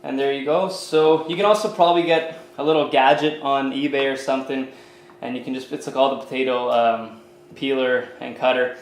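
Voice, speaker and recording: A man's voice: medium pitch, fairly even intonation, brisk, reverberant, low-quality recording. A man from Canada, a fitness coach, talking casually to camera while showing a recipe in his home kitchen, with lots of fillers. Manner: chatty, loose, with many fillers like "you know". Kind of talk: casual cooking demo to camera.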